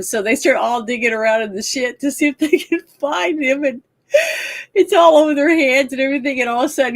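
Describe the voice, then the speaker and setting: A woman with a slightly high voice chats casually as co-host, retelling funny film scenes. She laughs often and gets animated. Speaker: podcast co-host. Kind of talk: casual chat about a film.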